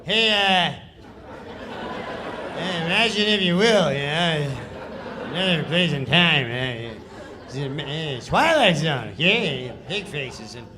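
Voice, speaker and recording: A man's voice: a little high, lively intonation, slow, pauses often, crowd noise. A man doing a lazy, mumbling lech. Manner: lazy, mumbling drawl with fillers. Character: laid-back, lecherous male comedian mumbling a bit.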